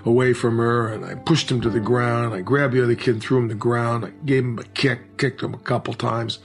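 A man recounting a personal story in an earnest, halting way, with frequent restarts. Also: medium pitch, steady tone, vocal fry, faint music behind.

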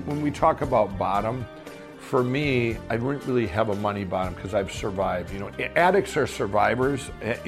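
A man casually recounting his own past, rambling with restarts and asides. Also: mid-range voice. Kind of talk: casual spoken recollection.

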